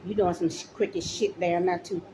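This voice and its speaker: A middle-aged mother rants angrily straight into the camera, directly accusing officials and repeating her points. Her voice sits on the low side with little pitch movement, at a moderate pace, and there's background noise.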